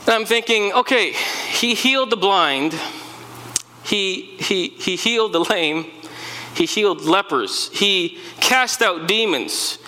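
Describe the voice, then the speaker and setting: A man's voice: sits high, animated, slow pace, pushed and bright, long reverb tail, heavily acted, poor audio. A man playing an earnest male follower of Jesus who tells of the resurrection in a dramatic first-person sermon monologue. He repeats words as he gets stirred. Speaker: preacher in first-person character.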